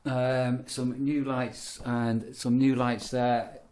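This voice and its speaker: Middle-aged man, vlog host, rambling casual chat, easy mid pitch. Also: slow. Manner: rambling, animated storyteller. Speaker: vlogger, campsite warden.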